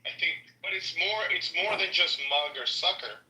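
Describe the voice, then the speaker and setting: Sharp-toned man telling rambling stories. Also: high voice, animated. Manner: rambling, halting storyteller. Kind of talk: casual chat. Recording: echoey room.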